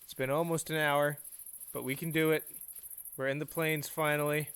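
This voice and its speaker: A man's voice: fairly high pitch, level tone, normal speed, a bit bright, smooth, no echo. A man hosting a gaming video, chatting to himself and his viewers as he plays. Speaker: gaming channel host. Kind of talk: let's play commentary.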